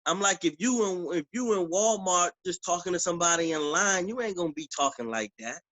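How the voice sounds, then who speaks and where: A man's voice: high-pitched, a little fast, dry recording, rough recording. Slangy, laid-back man talking. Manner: relaxed slangy talk, frequent "you know what I'm saying". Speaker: author and preacher. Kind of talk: casual conversational interview.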